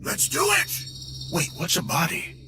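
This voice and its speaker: A dazed, wonder-struck disembodied brain in a video game, wildly excitable. His fairly high voice leaps wildly between whispers and shouts. Game music plays behind him. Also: normal speed, full character voice. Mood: giddy. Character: giddy disembodied male brain, cosmic and dazed.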